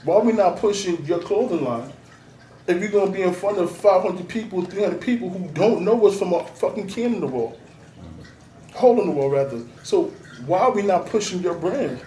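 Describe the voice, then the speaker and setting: A man's voice: sits high, lively intonation, brisk, dark tone. Blunt streetwise man, roomy sound. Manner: blunt, streetwise, profane, emphatic. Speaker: artist and DJ manager, guest. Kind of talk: casual interview talk. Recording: roomy, noisy, mic at a distance.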